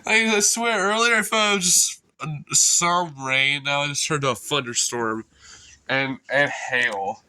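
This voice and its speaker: A young man vlogging from indoors at home, rambling and excitable, his voice congested. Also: on the high side, a little slow, clear, resonant tone. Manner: rambling, excitable, self-correcting. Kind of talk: casual narration while filming a storm.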